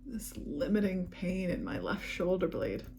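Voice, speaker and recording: A woman leading a guided EFT tapping session, speaking calm, repetitive affirmations. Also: on the low side, unhurried, slight background noise.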